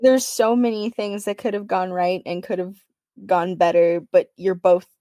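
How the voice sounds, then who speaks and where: A woman co-hosting a casual podcast, reacting with giggles and expressive exclamations. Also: medium pitch, moderate pace, no echo, clean studio sound. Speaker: podcast co-host.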